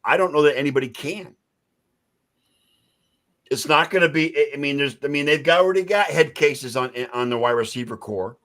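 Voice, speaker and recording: Bright-toned man, halting sports chat. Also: a little high. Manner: halting, restarts sentences often. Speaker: podcast co-host. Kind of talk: casual sports banter.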